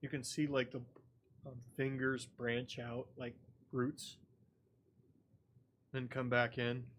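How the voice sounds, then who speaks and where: A game master narrates a tabletop role-playing game, describing the scene casually with plenty of loose fillers. The voice sits in a middle pitch range. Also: flat delivery, takes it slowly.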